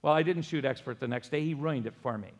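A man's voice: fairly high pitch, fast, in a large hall. An older man preaching a sermon as pastor, telling folksy stories with self-deprecating humor. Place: church sanctuary.

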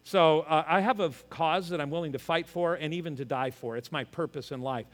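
A man's voice: fairly high pitch, fairly quick, hardly any pauses. An older man preaching a sermon as pastor, emphatic and earnest, slipping in joking personal asides. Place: church. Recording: long reverb of a large hall.

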